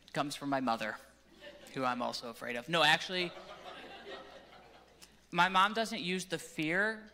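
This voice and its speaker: Man preaching, bright forward voice, chatty and self-mocking before the scripture reading. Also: a little high. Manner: storytelling, joking, self-deprecating. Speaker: pastor. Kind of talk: sermon. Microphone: handheld or stage microphone.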